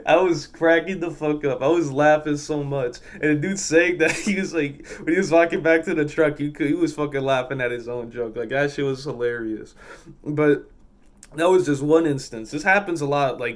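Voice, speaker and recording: A man's voice: on the high side, normal speed. A man who works as a fuel pump attendant, telling work stories in a blunt, profane, exasperated way. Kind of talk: casual storytelling vlog.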